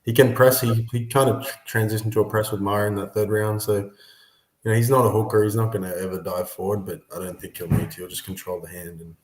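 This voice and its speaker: A young man, an arm wrestler, chatting casually and laughing often between halting sentences. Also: fairly low pitch, steady tone. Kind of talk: casual podcast chat. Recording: roomy echo.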